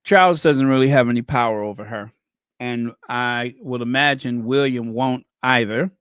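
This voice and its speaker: A man's voice: mid-range voice, normal speed, fairly bright tone, clean tone, no room sound, studio quality. A man doing casual commentary, sarcastic and chatty, tossing out rhetorical questions and wry asides. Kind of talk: casual chat.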